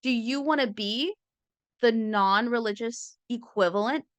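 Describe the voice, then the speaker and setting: A woman's voice: a little high, dry recording. Wry conversational woman, dry sound. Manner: conversational and wry, slipping into quick impressions. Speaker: comedian and speaking coach. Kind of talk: casual talk with acted-out quotes.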